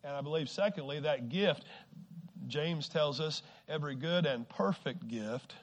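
A man preaching a sermon to a congregation, shifting from quiet, slow stretches to loud exhortation and stumbling over repeated words. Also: fairly high pitch. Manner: swings from hushed to shouting exhortation, repeats words; acts out quoted people with sudden shifts.

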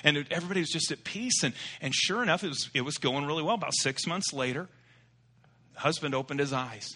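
A middle-aged man preaching from the pulpit, a loose and rambling storyteller. His voice is very bright and sits a little high for a man. He drifts easily from a joke into scripture. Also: fast. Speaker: pastor. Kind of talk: sermon with a told joke.

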